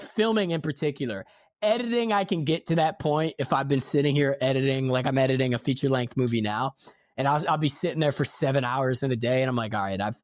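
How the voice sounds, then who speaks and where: A man's voice: fairly high pitch, no echo, clean studio sound. A young man hosting a casual podcast, talking bluntly and swearing freely. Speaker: podcast host. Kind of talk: casual chat.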